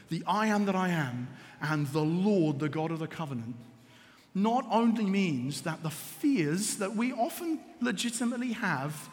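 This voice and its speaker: A man preaching a sermon as an animated, emphatic storyteller. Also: high-pitched, big-room sound.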